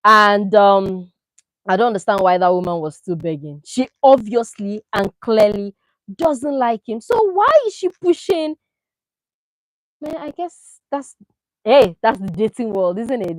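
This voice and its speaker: A woman doing casual, opinionated commentary on a reality show, animated and full of rhetorical questions. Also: mid-range voice, unhurried, no room sound, low-quality recording. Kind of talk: casual chat.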